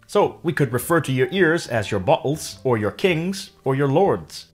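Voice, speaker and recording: A man narrating a scripted language lesson, explaining clearly and stretching example words out slowly. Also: medium pitch, very animated, soft background music. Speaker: language teacher.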